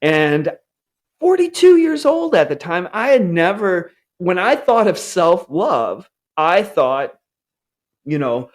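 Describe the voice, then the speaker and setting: A man in his forties telling a candid personal story in an earnest way, and he acts out his upbeat self-talk in a higher voice. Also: sing-song, slow.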